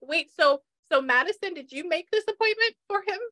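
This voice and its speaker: A woman's voice: extremely high pitch, expressive, a little fast, bright, forceful tone. A woman working as a psychic medium in a casual session, chatty and laughing as she passes on messages.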